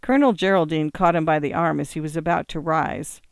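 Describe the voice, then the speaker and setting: Smooth-voiced male audiobook narrator. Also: a little high, fairly even intonation, fairly quick, no room sound, studio quality. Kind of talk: scripted narration.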